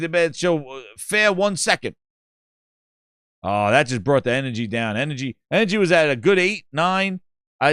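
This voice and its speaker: A man hosting a gaming channel in casual commentary, excitable and joking, swearing freely. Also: on the high side, clear, resonant tone, no room sound, studio quality.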